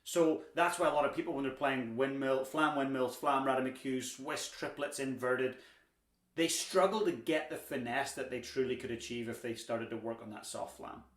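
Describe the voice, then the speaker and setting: In an echoey room with audible background noise, a young male drum teacher walks through a lesson. His mid-range voice has a fairly bright tone and a moderate pace, and he keeps things chatty and encouraging with the odd dad joke.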